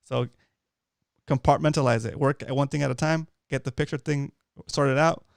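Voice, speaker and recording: Upbeat male co-host with a smooth voice, coaching viewers in casual talk, close and dry. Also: medium pitch, fairly even intonation, moderate pace, no room sound. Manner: upbeat, coaching listeners with repeated "okay?". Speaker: co-host of a fishing talk show. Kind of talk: casual livestream chat.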